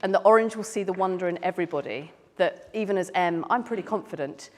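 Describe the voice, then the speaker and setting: A woman's voice: on the low side, fast talker. A British woman, a clown and speaker, chatting playfully with a live audience as she answers their questions. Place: large hall at a live event. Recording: long hall reverb.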